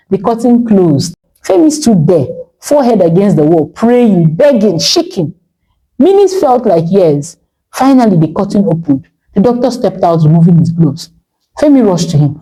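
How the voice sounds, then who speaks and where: A woman's voice: medium pitch, very animated, normal speed, dark tone, breathy edge, low-quality recording. A woman narrating a dramatic story with emotive delivery.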